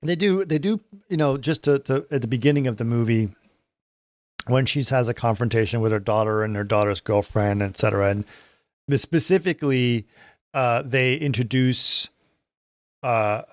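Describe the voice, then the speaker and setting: A man's voice: mid-range voice, moderate pace, no room sound. A man co-hosting a film podcast, retelling movie scenes and checking in with his co-host. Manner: retells scenes, often tags lines with "right?". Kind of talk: casual film discussion.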